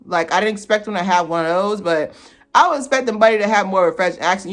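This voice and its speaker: A woman giving a casual movie review vlog, animated and slangy, laughing as she talks. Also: medium pitch, fast.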